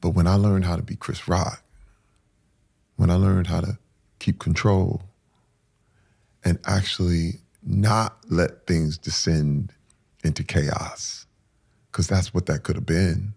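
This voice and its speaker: A middle-aged man, a guest in an interview, telling an emotional personal story with intensity, dropping to hushed whispers and rising in sudden loud bursts. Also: deep voice, steady tone, takes it slowly, creaky, pauses often, slightly rough.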